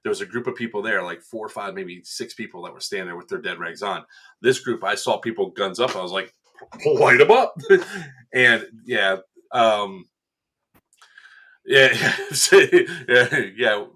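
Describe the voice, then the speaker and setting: On a casual podcast, a member of event staff recounts a game day out on the field with real animation, slipping into quoted lines and laughing often. His voice is on the low side yet has a bright, forward edge, at a moderate pace.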